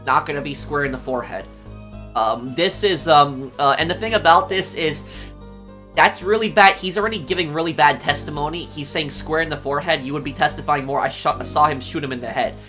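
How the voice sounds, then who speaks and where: A man's voice: on the high side, fairly quick, pushed and bright, soft background music. Chatty man commenting on gameplay. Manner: chatty, reacts aloud. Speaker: let's play host.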